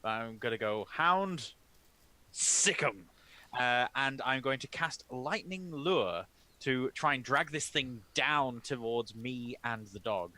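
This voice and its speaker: Lively, bright-voiced man at a game table. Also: mid-range voice, slow pace. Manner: playful, stumbling, jokey. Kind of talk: casual game table chat.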